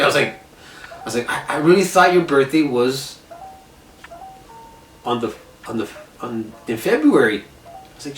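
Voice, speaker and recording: A man's voice: mid-range voice, normal speed, pauses often, far from the mic. Casual vlog host, male, chatty and rambling, mic set back in a roomy space, faint guitar underneath. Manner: rambling, animated retelling with lots of "I was like". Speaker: gaming channel host. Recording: echoey room, set back from the mic, soft guitar music.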